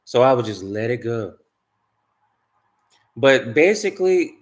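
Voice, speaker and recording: A man's voice: mid-range voice, animated, unhurried, long pauses. A man telling a personal story in a casual monologue, rambling and emphatic, swearing freely. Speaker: spiritual vlogger.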